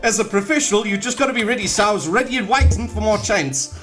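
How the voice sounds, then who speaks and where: A man's voice: sits high, fast, a bit bright, faint music behind, voice pushed up. A man doing a comic impression of a cheerful young footballer, in a put-on Australian accent with a Sunderland tinge and a laugh running through the words. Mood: chuffed, cocky. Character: upbeat young male footballer, cheerful and chuffed.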